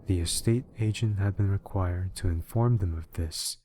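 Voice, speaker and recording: A man reading a horror story aloud as scripted narration, in a measured, even manner. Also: low voice, slight background noise.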